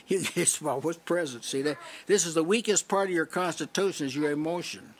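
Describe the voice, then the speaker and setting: A man preaching in a relaxed teaching style at a small house church, often checking in with "see?" and restarting his sentences. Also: fairly high pitch, moderate pace, slight background noise. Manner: conversational teaching, frequent "see?" asides and restarts. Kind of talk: sermon.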